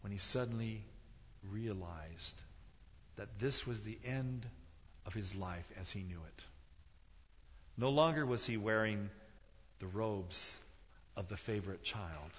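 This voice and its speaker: A man's voice: fairly low pitch, slow pace, long pauses. A man preaching a sermon, telling a story dramatically and acting out the voices of its people. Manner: dramatic, acts out quoted voices, rises and drops in intensity. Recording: dull sound in a reverberant hall.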